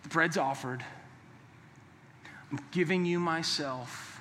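A pastor preaching a sermon in a church, emphatic and conversational, sometimes dropping to a hushed, earnest tone. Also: male voice, on the high side, takes it slowly, a little hiss or hum. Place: church sanctuary. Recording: long hall reverb.

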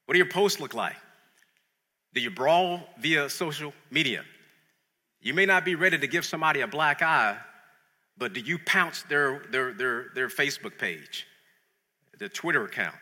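A man preaching a sermon in an animated, conversational way, often repeating words as he builds a point. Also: a little high, breathy edge, big-room sound.

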